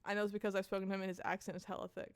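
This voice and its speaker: A woman's voice: mid-range voice, flat delivery, rapid-fire, clear, resonant tone, no echo, lightly acted. A woman reading as a flippant casino-loving woman. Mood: smug. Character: carefree woman who loves her casino.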